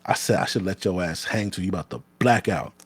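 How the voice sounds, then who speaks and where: Give me a man who speaks in a lowish, dry voice and tells a story bluntly and profanely, like the former corrections officer he is. He often stops and restarts his sentences. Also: quick pace, husky, dry recording. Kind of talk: casual storytelling.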